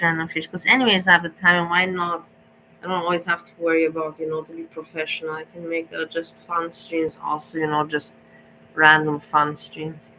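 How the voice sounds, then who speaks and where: A woman chats casually with her livestream viewers, slipping into mocking, exasperated rants. Her voice sits a little low but sounds bright and forceful. A faint hum runs underneath. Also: low-quality recording. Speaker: livestream host. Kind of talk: casual chat with live chat viewers.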